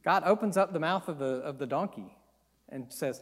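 A preacher retelling a Bible story in an animated, conversational sermon. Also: male voice, on the high side, moderate pace, long reverb tail.

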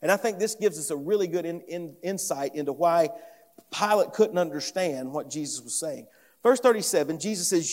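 A man's voice: a little high, lively intonation, a little fast, a little mellow. A pastor preaching an earnest sermon, emphatic and often repeating phrases as he builds each point. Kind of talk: expository sermon. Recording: long reverb of a large hall.

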